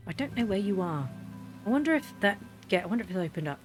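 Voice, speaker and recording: A woman's voice: mid-range voice, quick pace, soft background music. Giggly woman chatting over gameplay. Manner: giggly, animated, easily cracks up. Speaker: gaming video host. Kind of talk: casual gameplay commentary.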